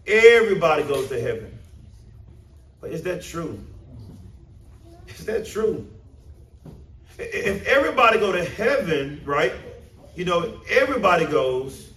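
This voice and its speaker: A man preaches in a high voice, rising into emphatic bursts and firing questions at his congregation. His sermon rings around an echoey church room, picked up from a little way off the mic. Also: very animated, a little slow, long pauses, fairly bright tone, slight background noise. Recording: roomy echo, mic at a distance.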